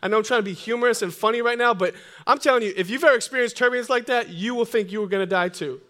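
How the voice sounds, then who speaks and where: A young man preaching a sermon, joking and energetic, calling on the congregation to repeat after him. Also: very high voice, very fast. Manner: humorous, energetic, call-and-response with congregation. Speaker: pastor.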